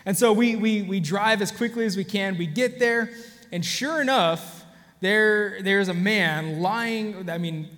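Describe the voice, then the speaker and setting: A man's voice: high voice, unhurried, a bit bright, long reverb tail. A man pastor giving a conversational sermon, telling a personal story and talking straight to the congregation with many restarts. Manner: conversational, frequent restarts, addresses audience directly.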